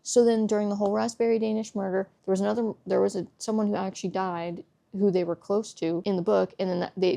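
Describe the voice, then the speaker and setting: Gravelly-voiced woman ranting about a book. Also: mid-range voice, mellow. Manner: exasperated, swears a lot. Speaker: book vlogger. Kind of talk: casual book review rant.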